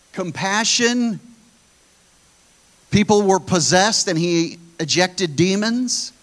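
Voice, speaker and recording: A man preaching a sermon, blunt and animated, often putting questions to his listeners. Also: high-pitched.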